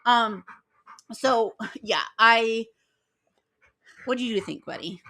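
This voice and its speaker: Give me a young woman chatting on her podcast, bright and forward, giggly and rambling. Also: on the high side, lively intonation, slow pace. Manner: rambling, filler-heavy, giggly. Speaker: podcast host. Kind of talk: casual podcast chat.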